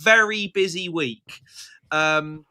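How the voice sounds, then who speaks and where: A British man hosts a casual live-stream chat show, playful and teasing, laughing often and tired from being a bit short on sleep. His voice is on the high side and clean, with a sharp tone and a slow pace.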